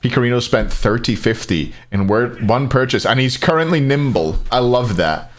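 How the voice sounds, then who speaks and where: A man's voice: medium pitch, expressive, normal speed. A Scottish man casting a live esports match, joking and chatting with viewers between plays. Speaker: esports caster.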